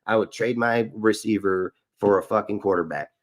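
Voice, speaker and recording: A man's voice: on the low side, normal speed. A man hosting a live sports stream, ranting in an aggressive, profane and boastful way. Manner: boastful, repetitive. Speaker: sports show host.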